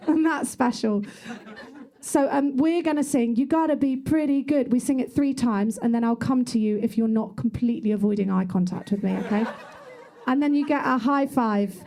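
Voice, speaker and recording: A woman's voice: a little high, warm tone. A young woman doing musical stand-up comedy, chatty and self-mocking, speaking into a handheld wireless mic in a small club. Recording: live room recording with music and crowd.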